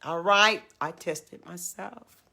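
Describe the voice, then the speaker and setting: An older woman hosting a casual livestream, making emphatic, drawn-out announcements and urging viewers to come along. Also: on the low side, creaky, pushed and bright. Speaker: livestream host.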